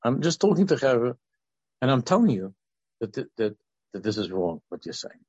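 A man's voice: medium pitch, sing-song, normal speed, darkish tone, slightly rough, no echo, dull audio. A man in his sixties, a religious teacher and counselor, giving an informal Torah talk that rambles through restarts and asides.

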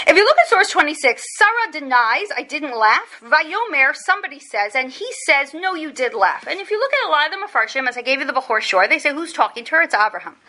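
A woman teaching a lesson on biblical texts, animated and acting out the voices in the stories she explains. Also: high voice. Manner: animated, acts out quoted voices of biblical figures. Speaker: Torah teacher. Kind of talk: text study lesson.

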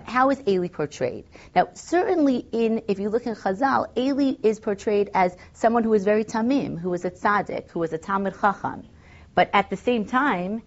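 A woman's voice: mid-range voice, dull audio. A woman teaching a text study class, thinking aloud with fillers and reading Hebrew verses. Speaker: Torah teacher.

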